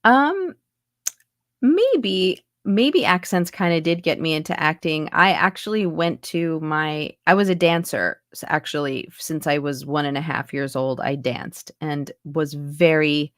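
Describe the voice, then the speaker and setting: A woman's voice: low-pitched, animated, unhurried, no echo, clean studio sound. A woman accent coach chatting casually in an interview over a video call, talking with lots of fillers and restarts. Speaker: accent and dialect coach, guest. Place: home in Montreal, on a video call.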